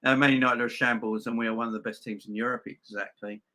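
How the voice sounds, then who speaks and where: Forceful man ranting on a live stream. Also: mid-range voice, steady tone, fast talker. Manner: emphatic, repeats himself, addresses viewers as guys. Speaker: host of a football fan channel. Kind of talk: live-stream chat reading viewer comments.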